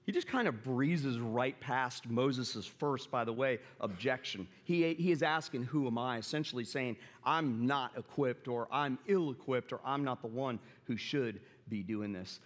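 A man's voice: mid-range voice, unhurried, hardly any pauses, long reverb tail. A middle-aged man preaching a sermon to his church. He talks casually, then acts out the quoted lines with big jumps in his voice. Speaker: pastor. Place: church sanctuary.

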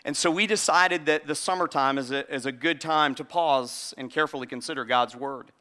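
A middle-aged pastor giving a sermon, chatty and storytelling, with frequent restarts. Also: male voice, on the high side. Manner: hushed, slow prayer voice.

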